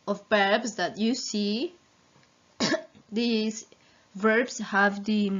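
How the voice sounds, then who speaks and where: Slow, patient woman drilling vocabulary. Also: mid-range voice, fairly bright tone. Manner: slow, repeats each word, gives Spanish translations. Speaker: English teacher. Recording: slightly dull lo-fi recording.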